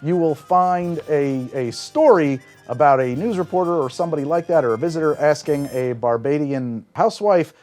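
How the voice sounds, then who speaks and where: A man hosting a cocktail show, explaining a drink's history in an animated storytelling way and describing flavors aloud as he tastes. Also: on the high side, moderate pace, hardly any pauses, faint music behind. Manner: animated storytelling with big swings in emphasis. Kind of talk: conversational explainer.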